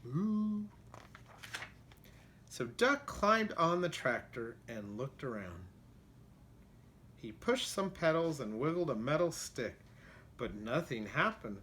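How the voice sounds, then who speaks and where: A man reading a children's picture book aloud in an expressive way, pausing to ask his listeners questions. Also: mid-range voice, slight background noise. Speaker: storybook reader. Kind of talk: children's storybook read-aloud.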